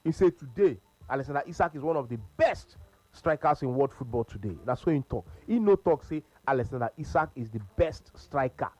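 Lively Nigerian Pidgin radio host. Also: male voice, mid-range voice, brisk, dry recording, faint music behind, rough recording. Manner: animated, repetitive, laughs often. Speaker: radio sports show host. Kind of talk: casual sports talk radio.

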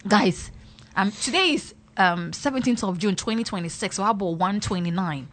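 A woman's voice: medium pitch, moderate pace. A woman hosting a radio talk, playful and teasing, turning serious. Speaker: radio host. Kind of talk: casual talk, mixing English and local language.

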